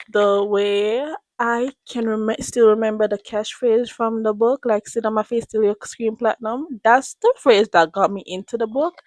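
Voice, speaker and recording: A woman's voice: mid-range voice, no room sound. A woman, gushing in a casual, rambling chat to camera as a book reviewer. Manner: gushing, animated, rambling with restarts.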